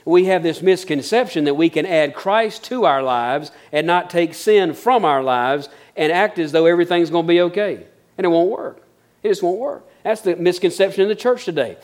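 A man's voice: sits high, animated, moderate pace, darkish tone. A middle-aged man preaching a sermon, mixing folksy storytelling with earnest, building emphasis. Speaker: pastor.

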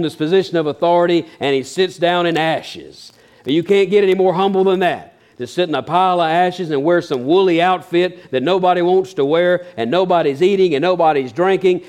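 A man's voice: a little high, a little mellow. A man preaching a sermon as a pastor, folksy and earnest, building emphasis as he goes.

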